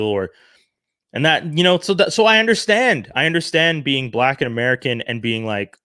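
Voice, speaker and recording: A man from Canada giving an earnest, animated opinion monologue, often restarting his sentences. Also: medium pitch, normal speed, clean tone, no room sound, clean studio sound. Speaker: commentary vlogger.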